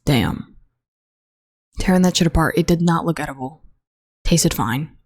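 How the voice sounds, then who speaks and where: Low, rambling college woman on a podcast. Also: unhurried, darkish tone, slightly rough, no echo, studio quality. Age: young adult. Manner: rambling, swearing, with frequent fillers. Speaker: podcast host. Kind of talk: casual solo chat. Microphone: own podcast mic, close.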